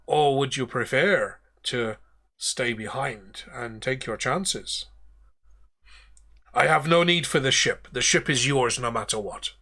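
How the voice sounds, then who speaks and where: A man narrating a tabletop game as game master, unhurried and often stopping to correct himself. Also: medium pitch, bright, forceful tone.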